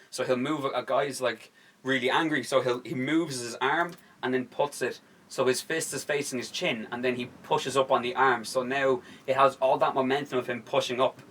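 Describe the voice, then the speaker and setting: Excitable swearing young man on a podcast. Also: medium pitch. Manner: excitable, swears a lot, acts out scenes. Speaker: podcast host. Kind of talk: casual chat.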